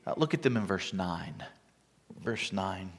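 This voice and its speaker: A man preaching a sermon, dramatic and vivid, acting out the scripture quotes with big shifts between loud and quiet. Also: low-pitched, expressive, measured pace, husky. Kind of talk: expository sermon. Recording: long reverb from a large hall.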